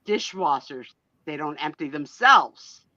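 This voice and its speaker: Brief: woman, New Jersey accent, lower-pitched, very expressive live-stream co-host. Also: no room sound, muffled recording. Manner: animated, giggly, quick to exaggerate. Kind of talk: casual live-stream chat.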